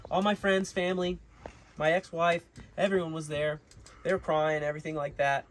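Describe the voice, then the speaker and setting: A man's voice: on the high side, flat delivery, normal speed, a little hiss or hum. A young man telling a long story to his viewers in a casual, rambling way, full of fillers and restarts. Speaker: vlogger.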